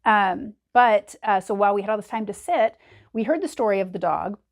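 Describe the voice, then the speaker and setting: A woman co-hosting a relaxed conversational podcast. She talks in an easygoing, chatty way, often pausing on fillers. Her voice sits at a middle pitch. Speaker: podcast co-host.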